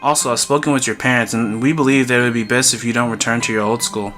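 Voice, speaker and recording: A man voicing a calm middle-aged male hospital doctor who explains things in a measured, reassuring way. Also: mid-range voice, soft background music, natural voice.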